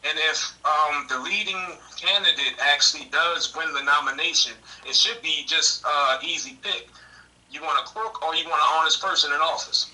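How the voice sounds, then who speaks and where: A man's voice: on the high side, moderate pace, pushed and bright, far from the mic, rough recording. A man speaking as a campaign manager on a political podcast, earnest, often repeating and restarting his words.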